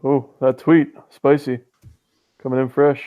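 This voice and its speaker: A man's voice: medium pitch, little pitch movement, a little slow, smooth, no room sound, narrow, tinny audio. A man bantering crudely and jokingly during a casual movie chat.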